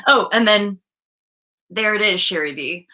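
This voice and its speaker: A woman leads a live online session on spiritual healing, talking plainly and casually while she thinks out loud, with many fillers and an occasional swear. She speaks a bit slowly in a mid-range voice that sounds bright and forceful.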